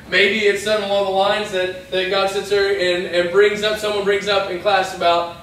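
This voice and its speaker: Man preacher, high voice, chatty youth sermon that slips into quoted asides, boomy hall sound from a distant mic. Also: flat delivery, normal speed, few pauses, a bit bright, slight background noise. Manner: conversational, acts out little quoted lines. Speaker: pastor. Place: church hall.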